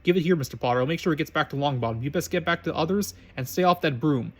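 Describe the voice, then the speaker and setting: A man's voice: on the high side, quick pace, lightly acted. Male reader voices an icy, stern male teacher in a storybook reading.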